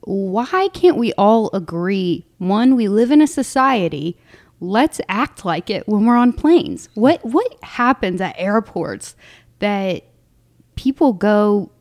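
A woman's voice: medium pitch, lively intonation, takes it slowly, darkish tone, no echo, clean studio sound. A young adult woman co-hosting a podcast, chatting casually and laughing often as she tells family stories. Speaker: podcast co-host. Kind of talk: casual chat.

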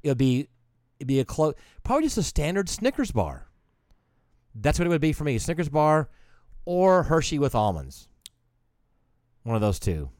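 A man's voice: on the high side, sing-song, moderate pace, long pauses, darkish tone, no room sound, clean studio sound. Rambling, swearing man in casual chat. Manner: rambling storyteller, swears, acts out quoted voices. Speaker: podcast co-host.

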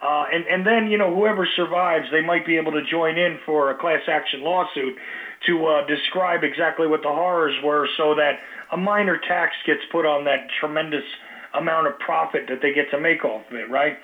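A man's voice: on the high side, steady tone, normal speed. Man on a tinny phone line. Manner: hesitant, many restarts and fillers. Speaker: radio talk show host. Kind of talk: casual political talk.

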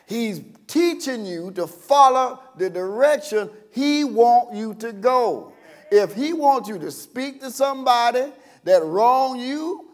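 A man preaching a sermon as pastor, folksy and storytelling, breaking into sudden shouts and chuckles. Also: high-pitched.

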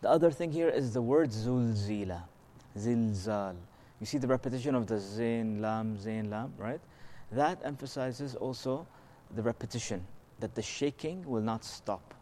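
A man's voice: medium pitch, a little slow, few pauses, dark tone, slight background noise. Man teaching a casual scripture lesson. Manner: casual and explanatory, asks rhetorical questions and checks in with "okay?"; slips into melodic Arabic recitation of verses. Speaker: religious teacher.

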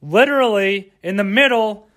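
High-voiced man ranting on a podcast. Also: normal speed, fairly bright tone. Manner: profane, rambling, rhetorical questions. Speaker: podcast host. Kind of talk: rambling solo podcast rant.

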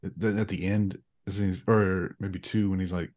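A man's voice: sits low, flat delivery, normal speed, darkish tone. A man talking as a podcast guest, rambling and hesitant with many restarts. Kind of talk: casual movie discussion.

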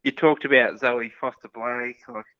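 A man's voice: medium pitch, steady tone, normal speed, a little hiss or hum, lightly acted. A man playing a cheeky, rambling caller on a comedy phone-in bit, heard over a muffled, lo-fi line. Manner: rambling, giggly. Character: cheeky male caller named Steve. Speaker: prank caller.

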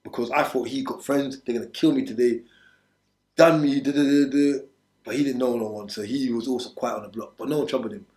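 A man's voice: medium pitch, steady tone, a little fast, darkish tone. A man from England, telling his story as an interview guest in streetwise slang, urgent and repetitive. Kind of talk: candid storytelling. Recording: echoey room.

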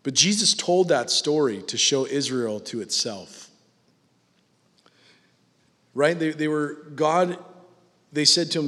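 Man, pastor, bright forceful tone, animated sermon with sarcastic asides, long reverb of a large hall. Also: on the high side, takes it slowly. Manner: animated, mocking asides, acts out quoted voices.

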